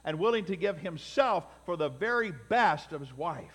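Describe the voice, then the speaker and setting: Male pastor, slightly higher voice, dynamic sermon delivery, long church reverb. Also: lively intonation, normal speed, breathy edge. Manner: emphatic preaching with swells and drops in loudness. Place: church sanctuary.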